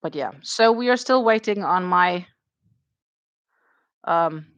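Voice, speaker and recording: A woman's voice: on the low side, lively intonation, takes it slowly, gravelly, a bit bright, no echo, muffled recording. A woman hosting a casual crochet stream, chatting and thinking aloud with dry sarcasm and a Danish accent. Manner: chatty, dryly sarcastic, thinks aloud while counting stitches. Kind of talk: casual chat while crocheting.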